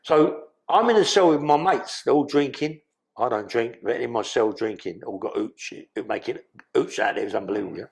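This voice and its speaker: Gravelly man telling stories. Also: medium pitch, fairly quick. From London. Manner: rambling, heavy swearing, street slang. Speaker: podcast guest. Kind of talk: casual storytelling.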